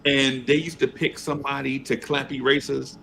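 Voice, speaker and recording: Gravelly animated man telling stories. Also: mid-range voice, moderate pace, crowd noise. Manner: animated storyteller, acts out voices. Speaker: podcast host. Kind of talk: casual sports talk.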